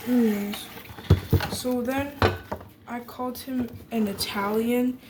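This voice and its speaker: Slow and steady in tone, with a voice on the high side, a German teen vlogger chats and rambles as she bakes, sprinkling in fillers and sarcastic remarks. The room echoes and the background is noisy.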